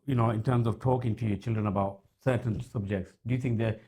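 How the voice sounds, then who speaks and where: A man's voice: fairly low pitch, steady tone, fast, mellow. A man co-hosting a podcast, posing a careful question hesitantly in casual chat. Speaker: podcast co-host.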